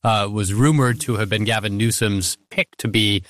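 Brief: male co-host, lowish voice, dry studio sound, hesitant conversational analysis. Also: fairly bright tone, no echo. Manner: thoughtful, frequent "uh" pauses. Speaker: podcast co-host. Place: studio in Washington.

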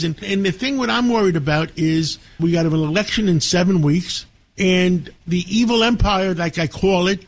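A man co-hosting a talk show, speaking warmly in a rambling way with many fillers. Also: sits high, vocal fry. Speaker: show co-host. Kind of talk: casual talk show chat.

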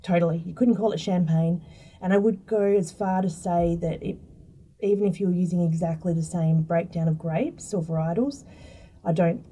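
A mellow, quite dark-toned woman with a slightly husky voice. She explains things in a relaxed, chatty way, full of ums and restarts. She sounds a little distant from the microphone. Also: lowish voice. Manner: chatty, explanatory, many fillers. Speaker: food scientist guest. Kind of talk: casual interview talk.

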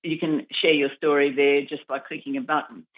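A woman's voice: low voice, flat delivery, a little fast. A woman, founder of an advocacy group, speaking in an earnest, encouraging way and giving direct advice in a radio interview. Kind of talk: radio interview over the phone. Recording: tinny phone line.

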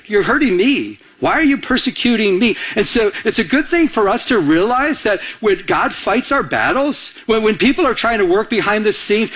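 A man preaching a sermon to a congregation, asking for amens and acting out the scripture he quotes. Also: very high voice. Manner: animated preaching with audience call-outs and acted-out quotes. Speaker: pastor.

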